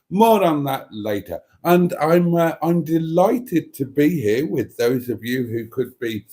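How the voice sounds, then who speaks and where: A man's voice: medium pitch, dark tone. Chatty older Welsh man hosting a stream. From Wales. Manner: theatrical, calls viewers darlings, chatty with restarts. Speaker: live stream host. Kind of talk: casual live stream chat. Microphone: microphone and tablet.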